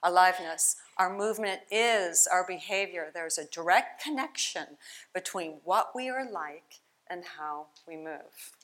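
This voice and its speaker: A woman play therapist giving a conference keynote talk, chatty and animated, telling stories to the audience. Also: fairly low pitch, measured pace. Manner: chatty, animated storytelling with laughs. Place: conference hall.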